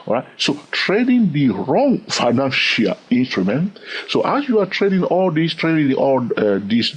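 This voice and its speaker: A man's voice: medium pitch, husky. A man with a non-native English accent teaching day trading in an informal talk, repeating himself and checking in with "all right?". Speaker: trading educator. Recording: dull lo-fi recording.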